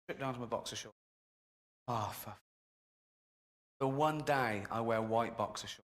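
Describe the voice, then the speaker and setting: A man doing a stand-up comedy routine on stage, telling stories in an animated, chuckling way. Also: mid-range voice, a little slow. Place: stage, heard through an in-game radio.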